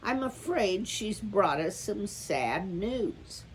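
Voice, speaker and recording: A woman voicing an eager, talkative young mother mouse in a storybook reading, piling up excited questions. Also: mid-range voice, takes it slowly, a little hiss or hum, voice pushed up. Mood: gentle.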